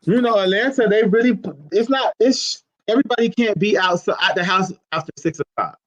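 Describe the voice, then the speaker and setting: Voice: mid-range voice, fairly quick, dull audio. A live-stream host, chatting casually and loosely, calling guests baby and girl. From Georgia, USA.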